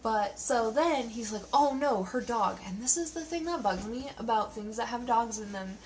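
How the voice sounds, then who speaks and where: A woman with a fairly high voice talks through a TV episode in a loose, sarcastic, chatty way. She is recording at home, sitting a little back from the mic, with a faint hum of background noise. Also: moderate pace, a little mellow, distant mic, low-quality recording. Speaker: TV show reviewer. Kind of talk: casual spoken review.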